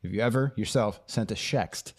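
A man's voice: fairly low pitch, normal speed. Teasing man quizzing his co-host. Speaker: podcast co-host. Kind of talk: casual chat.

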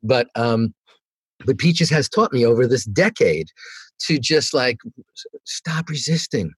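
A meditation teacher from New York talks as a guest on a podcast, his voice a little husky and recorded close and dry. He speaks at a medium pitch, relaxed and chatty, and he jumps into a higher voice whenever he acts out the people in his stories. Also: measured pace, no room sound. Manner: animated storyteller who acts out quoted dialogue in a higher voice. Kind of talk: relaxed storytelling conversation.

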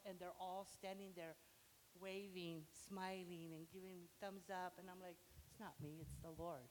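A woman with a lowish voice tells a personal testimony in church and brings the people in her story to life. Her voice carries a long hall reverb over a faint hiss. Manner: animated, acts out dialogue in her story. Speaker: church member giving testimony.

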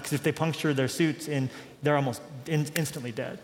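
A man preaches in a loose, conversational style, and his fairly high voice lifts when he acts out dialogue. A long reverb trails behind each phrase, as if he stands in a large hall. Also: fast. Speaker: pastor. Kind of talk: sermon.

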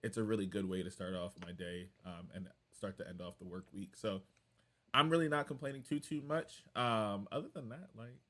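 Young American male podcast host, animated, playful, casual chat. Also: lowish voice, brisk. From United States. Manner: animated, laughs often, playful.

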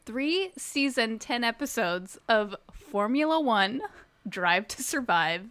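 A woman co-hosting a casual podcast chat, excitedly gushing and laughing, swearing now and then. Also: on the high side, slow, no echo. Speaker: podcast co-host.

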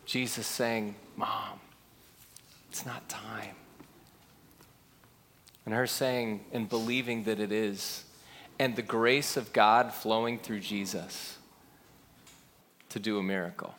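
Slow-speaking male preacher. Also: on the low side, fairly even intonation, a bit bright, slight background noise. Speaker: pastor. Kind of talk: sermon.

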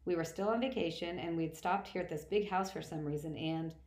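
A woman reading first-person novel narration aloud in a plain, steady manner. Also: fairly low pitch, a little fast, hardly any pauses. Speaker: audiobook reader. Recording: roomy echo.

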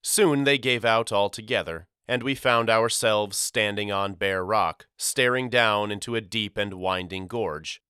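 An audiobook narrator gives scripted first-person narration of a novel in a measured, somber way. His lowish voice is bright and smooth, recorded dry and close to the mic with no echo.

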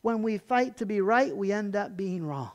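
In an animated sermon at a moderate pace, the pastor reads passages with rising intensity and talks through them conversationally. Rhetorical questions pepper his delivery, and many points end in a quiet, low voice.

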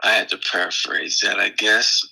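A man co-hosting a casual spiritual podcast, thinking aloud in halting phrases with many fillers and restarts. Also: deep voice, level tone, gravelly, sharp tone, husky, rough recording. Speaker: podcast co-host.

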